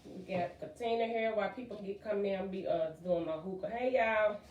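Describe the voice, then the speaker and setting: A woman hosts a casual talk show, chatty and excitable, leaning on fillers as she goes. Her voice sits at a middle pitch. It sounds roomy and echoey, as if she is some way back from the mic. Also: moderate pace, far from the mic, muffled recording, slight background noise. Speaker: podcast host.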